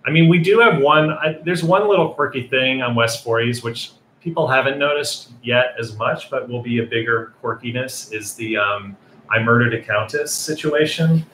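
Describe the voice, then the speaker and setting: Brief: chatty male host of a live chat, bright tone, echoey room with light hiss. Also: medium pitch, normal speed, few pauses. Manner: chatty, laughs often, reads viewer questions. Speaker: series co-creator and host. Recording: echoey room with faint noise.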